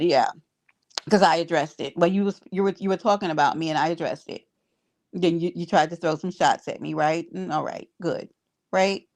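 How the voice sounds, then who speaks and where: A woman's voice: fairly low pitch, gravelly. A woman hosting a casual livestream, talking bluntly to her viewers with exasperation and free cursing. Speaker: livestream host reading chat.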